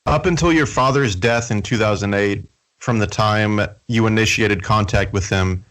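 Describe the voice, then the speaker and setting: A man hosting a podcast, asking brief, measured interview questions. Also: on the low side, fairly bright tone, rough recording. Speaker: podcast host.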